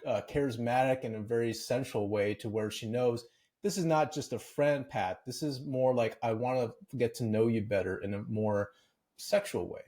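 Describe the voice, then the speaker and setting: A man speaks as a podcast guest, candid and conversational as he works through his stories. His voice sits at a middle pitch for a man. The delivery is relaxed, casual interview talk. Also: normal speed.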